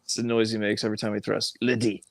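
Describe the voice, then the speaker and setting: A man's voice: on the low side, monotone, no room sound. Joking man with a dry, close sound. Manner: joking, quick to laugh. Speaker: livestream host. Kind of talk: casual sports-watching banter. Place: home garage.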